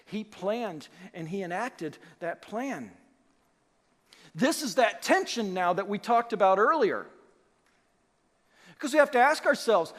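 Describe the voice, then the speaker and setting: A man preaching a sermon as pastor, animated and emphatic, acting out the voices he quotes. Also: sits high, slow, pauses often. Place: church sanctuary. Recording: long hall reverb.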